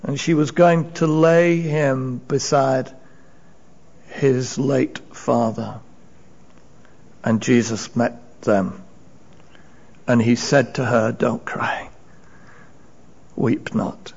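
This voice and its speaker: A man's voice: medium pitch, steady tone, very slow, vocal fry, pauses often, a little mellow, dull audio. A man preaching a sermon, retelling Bible stories with emphasis and acted-out voices. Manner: storytelling, acting out voices, rising and falling emphasis.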